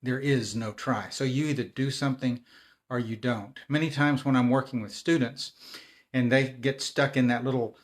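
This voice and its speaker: A man's voice: mid-range voice, steady tone, normal speed. A middle-aged man hosting a live video, talking casually and informally with frequent restarts and repeated words. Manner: conversational, frequent restarts and repetitions. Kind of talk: casual talk to camera.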